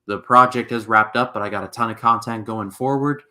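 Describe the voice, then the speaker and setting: Low-voiced young man hosting. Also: a little fast. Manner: relaxed, steers conversation, some filler. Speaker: podcast host. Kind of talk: casual podcast chat.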